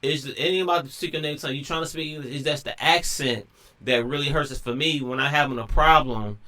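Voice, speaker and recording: A man's voice: fairly high pitch, fast talker, bright, forceful tone. A man talking casually in a rambling monologue, full of slang and restarts. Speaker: commentator.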